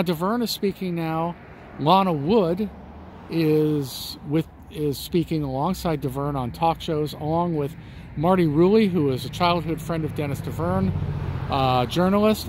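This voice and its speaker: A man's voice: on the high side, noisy background. A man hosting a true-crime vlog, talking in a chatty, folksy way to his viewers while standing outdoors on a residential street. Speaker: channel host.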